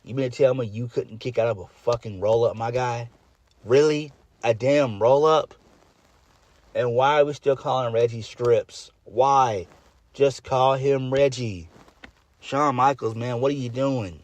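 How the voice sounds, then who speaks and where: A man's voice: mid-range voice, steady tone, normal speed, no room sound. A man giving a casual solo review of a wrestling show, blunt and exasperated, swearing freely and trailing off into fillers.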